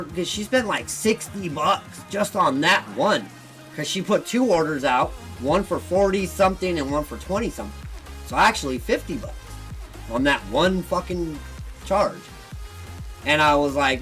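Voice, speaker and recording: A man's voice: fairly high pitch, expressive, normal speed, a bit bright, rough recording. A man hosting a gaming video, telling a story as a casual, heated, profane rant. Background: faint background music.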